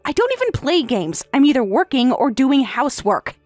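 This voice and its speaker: This text-to-speech story reading features a high, very animated synthetic woman's voice with a darkish tone at normal speed. She portrays a tired young wife replying firmly and pointedly in a defiant mood, with no room sound and faint music in the background.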